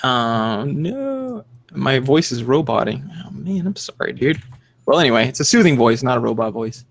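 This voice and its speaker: A man's voice: medium pitch, very animated, normal speed, gravelly. Young man, podcast co-host, casual rambling chat, lots of fillers and restarts.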